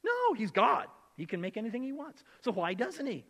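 A man preaching a sermon as pastor, conversational and animated, acting out the voices he quotes. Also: very high-pitched, moderate pace, in a large hall. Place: church.

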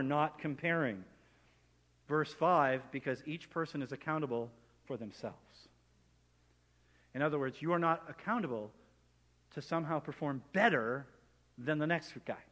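A male pastor preaching a sermon, animated, acting out imagined inner voices as he teaches. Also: fairly high pitch. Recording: long reverb of a hall.

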